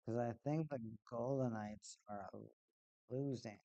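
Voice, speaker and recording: A man's voice: mid-range voice, takes it slowly, warm tone, no echo, lo-fi sound. A man hosting a live-stream hockey watch party, chatting casually in a rambling, laid-back way and often repeating himself. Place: at home, in a cold room.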